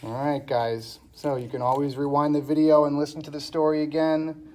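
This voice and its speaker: A man's voice: fairly high pitch, level tone, darkish tone. A man teaching a recorded reading lesson to young students, speaking patiently and checking in often. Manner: slow, patient, checks in with frequent "okay?". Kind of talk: recorded classroom lesson, reading a storybook aloud.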